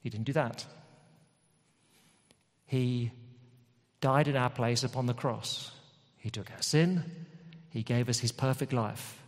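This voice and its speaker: A man's voice: mid-range voice, slow, long pauses. A man preaching a sermon in a conversational, emphatic way with lots of repetition. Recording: long hall reverb.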